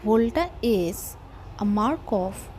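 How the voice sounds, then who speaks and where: A woman explaining a literature lesson in a voice-over, measured and step by step. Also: mid-range voice, animated, darkish tone, a little hiss or hum, rough recording. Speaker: teacher.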